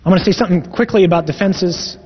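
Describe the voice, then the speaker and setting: Male priest, sermon, husky, fairly high voice, echoey hall, dull lo-fi sound. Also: fast talker. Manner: earnest, emphatic, reads scripture aloud. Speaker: Catholic priest.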